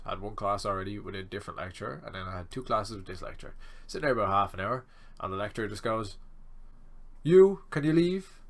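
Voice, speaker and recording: Rambling young man telling a story. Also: fairly low pitch. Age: 20s. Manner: rambling, animated, swearing. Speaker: student vlogger. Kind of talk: storytime vlog.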